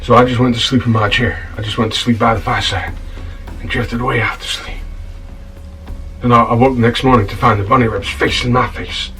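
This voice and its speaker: A man plays a put-upon scoundrel tavern keeper in a comedy web series, grumbling through an indignant tale full of stammered restarts. His voice sits at an ordinary mid pitch and comes from a little way off the mic. Soft music plays behind him. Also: steady tone, a little fast, far from the mic, natural voice, low-quality recording. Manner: rambling, indignant storytelling with stammered restarts, calling the listener "son". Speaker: title character of a comedy-drama web series. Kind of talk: comic monologue.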